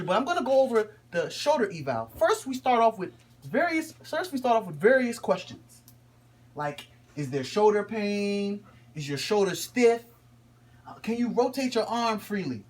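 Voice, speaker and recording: A man's voice: high voice, breathy edge, heavily acted. A man playing a boastful middle-aged father who is a shoulder doctor, lecturing in a comedic skit with slangy asides. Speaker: student performer in a school skit.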